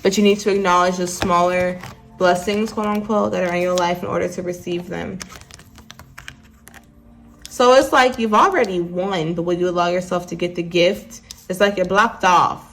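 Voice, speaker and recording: A woman's voice: lowish voice, steady tone, moderate pace, fairly bright tone. A woman giving a casual tarot reading to her viewers, chatty and mixing readings from the deck's guidebook with asides to the audience. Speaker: tarot card reader.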